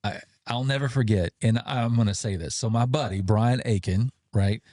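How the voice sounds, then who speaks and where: A man's voice: fairly low pitch, normal speed, mellow, no room sound, studio quality. A man co-hosting a podcast, telling stories with playful, self-mocking jokes. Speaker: podcast co-host. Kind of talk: casual podcast chat.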